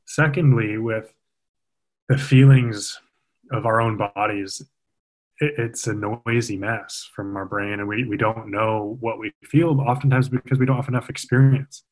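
Low-voiced man coaching with earnest emphasis. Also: fairly even intonation, a little slow, low-quality recording. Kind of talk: casual podcast conversation.

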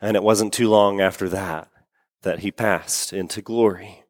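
A man's voice: low voice, fairly even intonation, measured pace. A man preaching a sermon, telling a story earnestly and repeating words for emphasis. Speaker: pastor. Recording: long reverb of a large hall.

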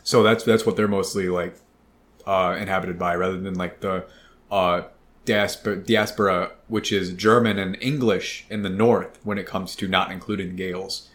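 A man's voice: sits low, fairly even intonation, moderate pace, fairly bright tone. A man with a Midwestern American accent, rambling in casual chat as a podcast co-host, swearing and restarting his sentences.

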